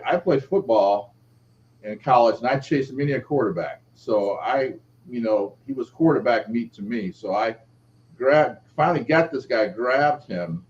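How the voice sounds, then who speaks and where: Middle-aged man telling a lively story. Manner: lively, acts out quoted speech with shifting pitch. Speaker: author and interview guest. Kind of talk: animated personal storytelling. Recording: dull lo-fi audio with faint background noise.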